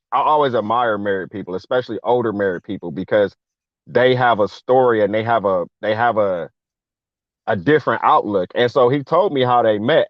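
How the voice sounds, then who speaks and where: A man's voice: medium pitch, dry recording. A man telling a long personal story in casual chat, slangy, acting out the people he quotes. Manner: animated, slangy, acts out quoted voices. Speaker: guest veteran. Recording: dull lo-fi dry sound.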